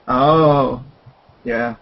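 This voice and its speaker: A man's voice: medium pitch, steady tone, drawn-out words, gravelly. A man hosting a casual livestream chat with friends, laid-back, chatty and joking, talking over a computer mic. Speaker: stream host. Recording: dull lo-fi stream audio with faint hiss.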